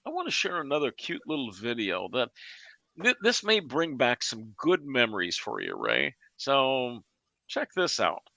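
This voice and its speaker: A man co-hosting a casual political talk show, excitable and prone to laughing and repeating himself. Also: mid-range voice, unhurried, vocal fry, dry recording. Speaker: co-host.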